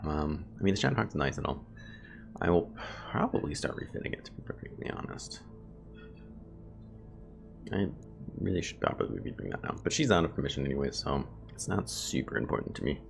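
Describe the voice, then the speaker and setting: A man with an extremely low, gravelly voice talks his way through a turn-based game, thinking aloud and chatting to his viewers. Game music plays faintly underneath. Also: expressive, a little fast. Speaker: gameplay video host. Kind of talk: casual let's play commentary. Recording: game music playing behind.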